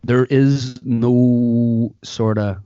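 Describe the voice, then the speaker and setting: A man's voice: medium pitch, steady tone, very slow, mellow, no echo. A man with a Derry accent hosting a podcast, chatting casually in joking, rambling banter. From Derry, Northern Ireland. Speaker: podcast host. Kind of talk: casual chat. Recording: dry, slightly dull sound.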